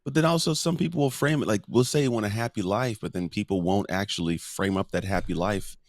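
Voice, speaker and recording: A man's voice: fairly low pitch, quick pace, no room sound. A man talking as a guest in an interview, earnestly explaining his ideas through stories and metaphors. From United States. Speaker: podcast guest, motivational speaker. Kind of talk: casual conversational interview.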